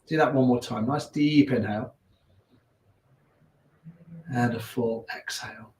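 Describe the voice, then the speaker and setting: A man with a Leicester accent teaching a gentle yoga class, giving calm, unhurried cues with chatty asides. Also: mid-range voice. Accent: Leicester English. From England. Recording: echoey room.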